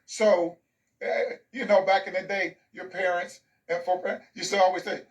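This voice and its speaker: A man's voice: high-pitched, fairly even intonation, moderate pace, recorded from a distance, rough recording. A man in his sixties, an author telling stories in an interview, emphatic and fond of rhythmic lists. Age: 60s. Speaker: author and guest. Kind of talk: interview storytelling.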